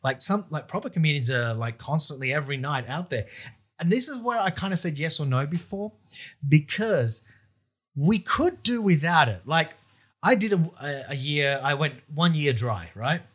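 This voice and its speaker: Comedian co-host, man, a touch high-voiced, loose and rambling. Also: expressive, moderate pace, a bit bright. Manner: rambling, laughs often, swears casually. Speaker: podcast co-host, stand-up comedian. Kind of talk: casual chat.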